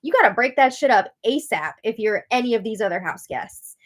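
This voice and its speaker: A woman hosting a live recap, talking casually with sarcastic asides and frequent laughter, swinging between loud outbursts and hushed remarks. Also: a little high, animated, fairly quick. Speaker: host.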